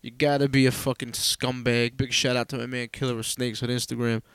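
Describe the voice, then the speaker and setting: A male podcast co-host with an everyday mid-pitched voice, blunt and slangy, cursing freely as he talks. The recording is dry and close. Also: level tone, brisk, fairly bright tone, smooth, no echo. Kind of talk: casual podcast chat.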